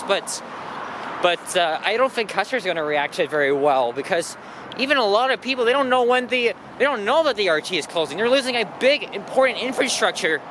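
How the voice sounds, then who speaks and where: Loud rumbling from constant traffic and passing buses fills the background as a man strolls a busy street, talking into a handheld camera mic. His voice is notably high-pitched, and his casual commentary is rambling and animated, with frequent fillers and restarts.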